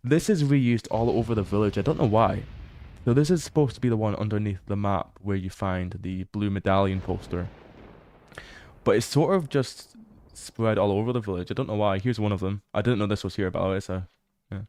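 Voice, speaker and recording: Laid-back male game streamer, low voice. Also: a little fast. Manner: relaxed, chatty, laughs often, swears casually. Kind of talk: casual livestream commentary while exploring a game.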